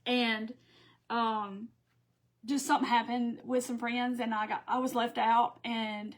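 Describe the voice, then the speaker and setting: A chatty middle-aged woman with a drawl hosts a live craft stream. She rambles from one aside to the next and reads out viewer comments. Her voice sits a little high. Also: little pitch movement, a little slow. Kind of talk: casual live-stream chat while crafting.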